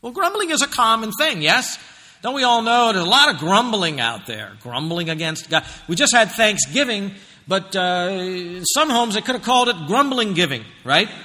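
A man's voice: sits high, big pitch swings, moderate pace, sharp tone. A male pastor preaching a Bible-teaching sermon in a church, conversational and emphatic, often using rhetorical questions. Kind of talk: expository sermon. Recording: long hall reverb.

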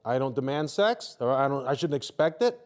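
A man's voice: mid-range voice, very animated, brisk, natural voice. A man playing a frustrated, defensive husband in a marriage counseling role-play, arguing and interrupting. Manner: argumentative, interrupts, voice rises and drops.

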